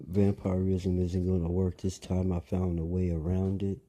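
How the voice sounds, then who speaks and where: A man's voice: sits low, little pitch movement, normal speed, mellow. A man delivering a rambling monologue, lecturing listeners, repeating phrases and asking them pointed questions.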